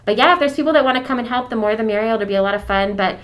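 A woman who heads her church's deacons talks on a casual podcast, effusive and warm-hearted about her subject. Her voice is on the high side and rapid-fire, with many fillers and restarts, and she's getting emotional.

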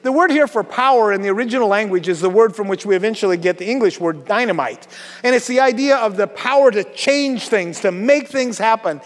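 In a church sanctuary, a pastor delivers a sermon to his congregation in a chatty, joking way packed with fillers. His high voice is animated and brisk, trailing a long reverb tail.

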